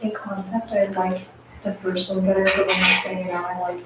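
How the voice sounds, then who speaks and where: A woman's voice: medium pitch, level tone, brisk. A young woman student musician answering her coach hesitantly, with many fillers. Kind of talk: casual answer in a masterclass. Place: large echoey rehearsal room. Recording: echoey distant mic with clattering noise.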